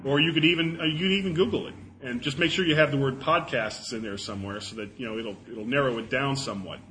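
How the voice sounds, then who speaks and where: Bright-voiced man chatting to an audience. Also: medium pitch, quick pace, a little hiss or hum, poor audio. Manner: chatty, self-deprecating, repeats words while thinking. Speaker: presenter answering audience questions. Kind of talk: casual talk to a live audience. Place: talk before an audience.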